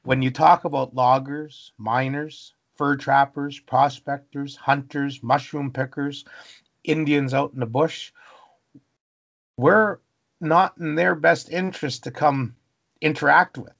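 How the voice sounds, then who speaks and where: A man from Canada tells wilderness stories as a podcast guest, animated and fond of long run-on lists. His mid-range voice carries a gravelly fry, and the recording is dull and lo-fi. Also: mid-range voice, takes it slowly. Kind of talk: storytelling interview.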